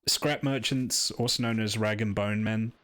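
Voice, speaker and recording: A man's voice: on the low side, steady tone, normal speed, fairly bright tone. A man giving casual game commentary, rambling and hesitant with a wry edge. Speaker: streamer.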